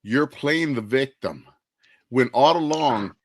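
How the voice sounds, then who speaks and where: A man's voice: mid-range voice, expressive, slow, no echo. A man co-hosting a casual podcast chat, earnestly recounting scenes and dialogue at length. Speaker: podcast co-host.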